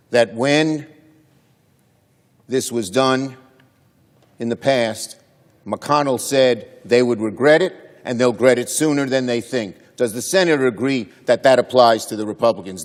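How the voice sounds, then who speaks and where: Male senator, mid-pitched, measured and procedural, heard in an echoing hall. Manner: measured, formal procedural phrasing. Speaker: senator asking questions. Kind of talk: formal floor questioning. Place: large legislative chamber. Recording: long reverb of a large chamber.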